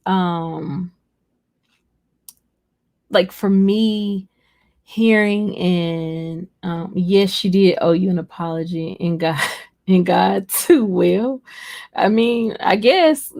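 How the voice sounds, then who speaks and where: A woman hosts a casual livestream at a middling pitch, chatty and animated. She reads viewer comments aloud and laughs often. When she quotes people, her voice leaps up high. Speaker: livestream host. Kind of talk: casual live-stream chat, reading viewer comments. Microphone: streaming setup.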